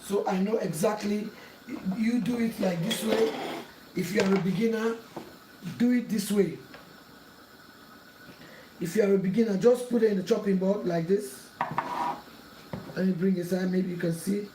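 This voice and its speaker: At a normal speed with long pauses, a woman hosting a cooking channel tutorial speaks in a steady, mid-range voice, repeating earnest warnings and pleas while she cooks. Her echoey kitchen, distant mic, and clattering pots come with background noise.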